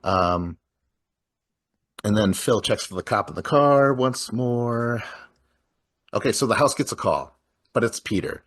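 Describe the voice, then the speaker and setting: Male co-host, low and husky, loose rambling recap style, heavy on fillers. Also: measured pace, pauses often. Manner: rambling, lots of filler words, recaps scenes. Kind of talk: casual film discussion.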